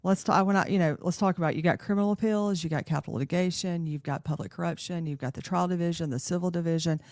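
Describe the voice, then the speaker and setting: A woman's voice: lowish voice, fast, a little mellow, no echo, studio quality. A woman, a guest earnestly explaining legal offices.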